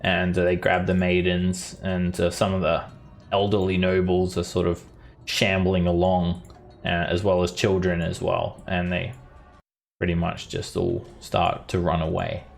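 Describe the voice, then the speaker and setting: A man narrating as game master in a tabletop game, relaxed and halting with fillers. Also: deep voice, gravelly, faint music behind.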